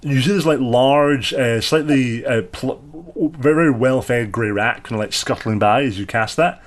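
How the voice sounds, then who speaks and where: A man's voice: mid-range voice, normal speed. A man running a tabletop role-playing game as game master, describing scenes in a loose, hesitant way. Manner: loose, hesitant narration with many fillers. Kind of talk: improvised tabletop narration.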